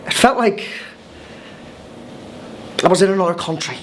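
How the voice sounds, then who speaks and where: A man's voice: high voice, moderate pace, slight background noise, natural voice. Timmy, a man playing a chatty, wide-eyed Irish newcomer. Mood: wry storytelling. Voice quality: chatty, wry storytelling with hesitant restarts. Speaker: monologue narrator. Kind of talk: scripted comic film monologue.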